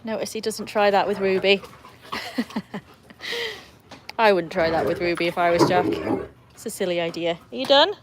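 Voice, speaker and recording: A woman's voice: fairly low pitch, moderate pace, pauses often, background noise. English woman, live host, poolside on a phone; chatty, teasing her dogs, faint rain behind. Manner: chatty, greets viewers and scolds her dogs playfully. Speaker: livestream host. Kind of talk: casual live chat. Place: outdoors beside a backyard pool in the rain. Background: faint rain and outdoor ambience.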